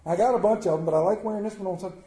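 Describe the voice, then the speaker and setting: A man preaching a sermon as pastor, telling stories in a folksy, animated way. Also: sits high, very fast. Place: church. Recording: echoey church room.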